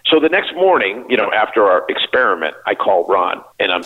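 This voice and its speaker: A company CEO in his sixties tells joking, lively anecdotes in a casual interview, acting out the quoted dialogue. His voice is on the low side and brisk, recorded with a narrow, phone-like sound.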